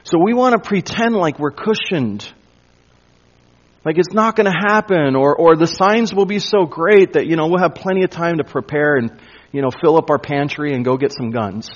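A male pastor works through scripture in an expository sermon at a moderate pace, his voice a little high. He presses points emphatically, then drops to a hush to give them weight. The recording is dull and lo-fi.

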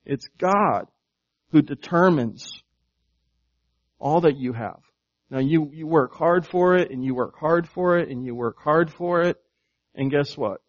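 A man with a fairly high voice preaching a sermon in a friendly, conversational manner. He keeps asking his listeners questions and often restarts his phrases. The recording sounds dull and lo-fi. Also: unhurried, pauses often. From United States. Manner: conversational preaching, asks the congregation questions, repeats words. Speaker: pastor.

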